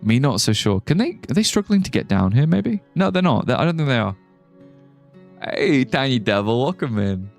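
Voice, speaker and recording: A young male streamer thinking aloud over his game, his voice rising and falling in big, animated swings. He wanders between ideas, drops the odd swear and laughs at his own jokes. Faint music plays underneath. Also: mid-range voice, normal speed, creaky. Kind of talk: live gameplay commentary.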